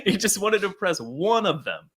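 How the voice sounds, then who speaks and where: An animated man in a casual comic book chat whose pitch swings up and down as he acts out characters' lines. His voice is bright and forceful, and he laughs often. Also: normal speed, slightly rough. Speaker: podcast co-host.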